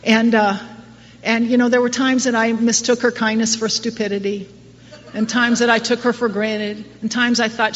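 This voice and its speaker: A distant, muffled hall recording with a little hiss or hum catches a middle-aged woman giving a personal talk to a recovery group. Her voice is on the high side, her delivery flat and moderately paced. She's conversational and wryly self-mocking, often starting over mid-thought.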